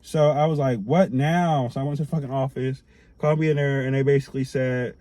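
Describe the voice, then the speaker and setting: A young man telling a storytime to camera in a casual, profane way, jumping between loud outbursts and quiet asides. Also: mid-range voice, fairly even intonation, a little fast, no room sound.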